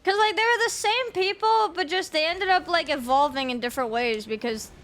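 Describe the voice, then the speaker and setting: A woman's voice: extremely high pitch, fairly quick, a bit bright, soft background music. A young adult woman streaming a game, chatting casually with her viewers in a rambling way, swearing often and laughing a lot.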